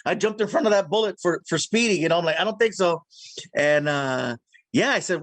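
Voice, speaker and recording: A man, a comedian and voice actor, telling stories in a casual video-call interview in an animated, playful way. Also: high voice, a little fast, no room sound. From Mexican heritage. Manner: animated, playful storyteller who slips into character voices.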